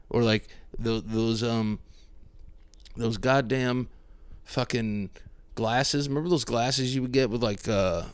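Self-mocking man ranting, low dry voice. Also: no room sound. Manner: self-deprecating, mock-wounded rant with swearing. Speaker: podcast host. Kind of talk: comedic podcast monologue.

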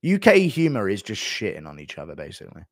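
Guy streaming and reading chat, crude deadpan mumbles, voice bounces around a lot. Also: on the low side, quick pace, no echo, studio quality.

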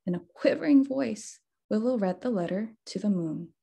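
A woman author reading her picture book aloud at a bookshop storytime, expressive and unhurried. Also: medium pitch, vocal fry, husky. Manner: slow, expressive storytime reading with sound words. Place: bookshop event space.

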